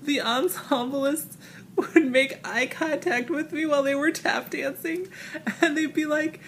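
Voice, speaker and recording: A young woman records a vlog on her tablet at home, gushing with excitement and laughing between sentences. She keeps breaking into squealing, high-pitched impressions. The recording has a faint hiss behind it. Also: unhurried. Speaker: vlogger. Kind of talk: excited casual vlog recap. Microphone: tablet camera.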